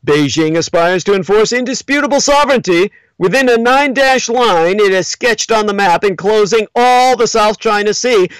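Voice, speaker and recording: A man hosting a livestream, lecturing in a monologue with emphatic, theatrical swings in pitch, spelling out names as he goes. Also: a bit bright, no room sound, poor audio. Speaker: livestream host.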